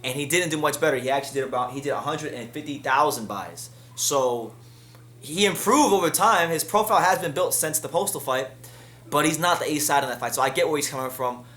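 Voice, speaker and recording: A man hosts a solo boxing commentary in a fired-up, exasperated manner. His voice sits a little high, and it climbs even higher whenever he vents. The room around him is noticeably echoey. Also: a little fast. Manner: heated, rising pitch when frustrated. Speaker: boxing news host.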